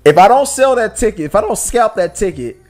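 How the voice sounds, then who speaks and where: Faint music sits behind this young podcast host, whose voice is high and fairly quick. In his casual chat he rambles with animation, swears and frequently starts over.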